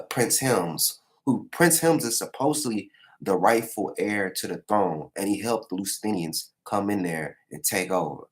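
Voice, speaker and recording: A man recapping manga chapters in a casual live reaction, animated and profane, acting out the characters' lines. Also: fairly low pitch. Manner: animated, acts out the characters' lines in raised voices, swears freely. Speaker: manga reviewer.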